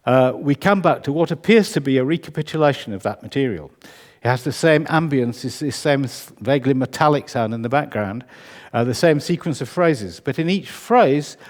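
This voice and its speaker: A man from the UK giving a conversational, wry lecture as a composer, often correcting himself. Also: medium pitch. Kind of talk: public lecture. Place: concert hall. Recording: reverberant hall.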